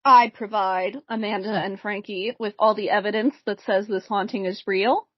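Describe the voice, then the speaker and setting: A woman's voice: medium pitch, fairly even intonation, normal speed, no room sound. A woman hosting a podcast segment, introducing the game in a dry, wry tone. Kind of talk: casual chat with segment intro. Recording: dull dry lo-fi audio.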